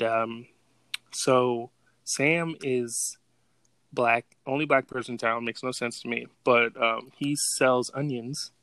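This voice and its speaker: A man with a gravelly, fry-heavy voice and a bright edge talks loosely on a podcast. He stays laid-back, swears freely and laughs easily while recapping scenes. The sound is close and dry. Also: mid-range voice, no room sound. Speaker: podcast co-host. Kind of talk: casual chat.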